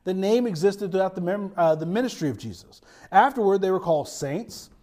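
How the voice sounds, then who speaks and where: Male pastor, high voice, lively sermon with restarts and asides. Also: a little fast. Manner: animated preaching with restarts and asides.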